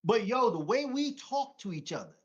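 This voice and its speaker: A man's voice: very high-pitched, big pitch swings, moderate pace. A man from Brooklyn, co-hosting a casual live stream, blunt and profane, acting out what other people say. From Brooklyn, New York. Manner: blunt and profane, acts out quoted voices. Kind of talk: casual political chat. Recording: dull lo-fi stream audio.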